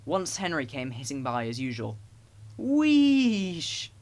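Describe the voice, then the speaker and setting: Man, narrator, audiobook reading, children's stories, expressive. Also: mid-range voice, moderate pace.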